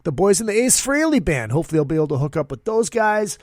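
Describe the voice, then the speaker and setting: A man's voice: sits high, big pitch swings, quick pace, a little mellow, dry recording, studio quality. A man hosting his own podcast, talking casually in an upbeat, rambling way with plenty of fillers. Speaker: podcast host. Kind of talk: casual solo podcast monologue.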